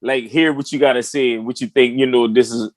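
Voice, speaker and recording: A man with a middle-pitched voice, recorded close and dry. He hosts a loose, profane podcast chat, retelling stories and breaking into laughs. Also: fairly even intonation, a little fast, no room sound, poor audio. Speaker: podcast host. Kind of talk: casual chat.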